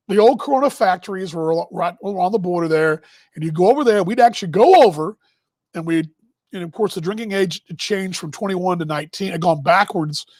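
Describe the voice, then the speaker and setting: A high-pitched, slightly mellow voice with no echo belongs to a Texan man in his fifties hosting a broadcast. In a casual monologue, he tells rambling stories, chuckling through asides and cutting himself off.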